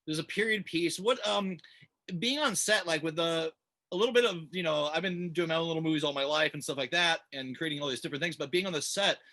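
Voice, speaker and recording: Male interview host, bright and forceful tone, slightly high, chatty and meandering. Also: fast talker. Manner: chatty, meandering questions, laughs easily. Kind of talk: casual interview conversation.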